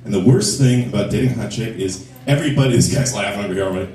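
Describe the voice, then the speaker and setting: Crude stand-up comic in echoey club. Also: male voice, fairly low pitch, racing, darkish tone, a little hiss or hum. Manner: crude, self-mocking punchlines. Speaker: stand-up comedian. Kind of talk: stand-up set at a comedy club. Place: comedy club stage. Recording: echoey club, mic from a distance.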